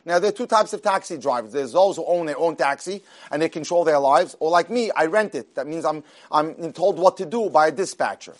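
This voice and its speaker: High-voiced man telling a story. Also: fairly quick, few pauses. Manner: animated, acts out the characters' dialogue; conversational, with frequent restarts and repeated words. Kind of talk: retelling an inspirational story.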